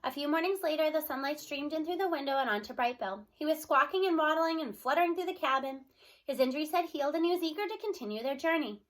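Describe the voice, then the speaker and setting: A woman reading a children's book aloud in a bright, high voice. Her storytelling is expressive and steady, chapter by chapter. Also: fast. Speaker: reader.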